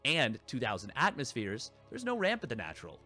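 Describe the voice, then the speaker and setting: Bright-voiced male esports caster. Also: medium pitch, wildly swooping pitch, brisk, soft background music. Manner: rambling, self-correcting, lots of fillers. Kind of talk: live game commentary.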